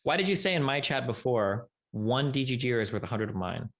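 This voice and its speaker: A streamer debating online, firing quick, pointed, mocking questions. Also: male voice, medium pitch, animated, fairly bright tone.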